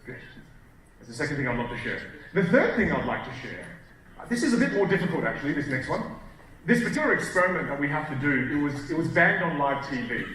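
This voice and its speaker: A man coaching a live seminar audience from a stage, animated, shifting his volume and pace for emphasis. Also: fairly high pitch, quick pace. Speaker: communication coach. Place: stage in a large hall. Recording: very echoey hall, distant mic, faint hiss.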